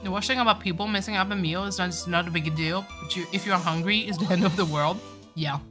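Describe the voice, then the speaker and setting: A woman's voice: lowish voice, fast talker, music in the background. A woman streamer chatting casually while playing a game, talkative, swearing and saying "like" a lot. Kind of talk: casual live-stream chat.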